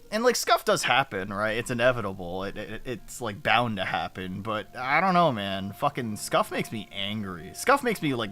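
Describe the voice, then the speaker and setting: A man's voice: medium pitch, pushed and bright. Rambling, swearing male streamer. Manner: rambling, swears, self-interrupting. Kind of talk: casual live-stream chat. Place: home room. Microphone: desk mic with noise gate.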